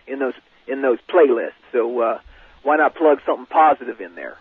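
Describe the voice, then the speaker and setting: A man's voice: mid-range voice, animated, moderate pace, slightly rough, no echo. A man playing a blustering, patriotic amateur songwriter calling into a radio show, brash and talking down to the host. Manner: brash, calls the host son. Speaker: caller. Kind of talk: prank radio call. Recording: tinny phone line.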